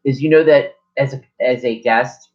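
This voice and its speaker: A man's voice: medium pitch, moderate pace, a little mellow. A man narrating as game master at a tabletop game, rambling and correcting himself as he goes, in a lo-fi recording.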